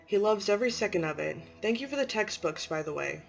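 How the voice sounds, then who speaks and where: A woman's voice: mid-range voice, expressive, fast talker, vocal fry, faint music behind. A woman voicing a polite, self-effacing mother figure who talks in a subdued way, in an amateur story reading.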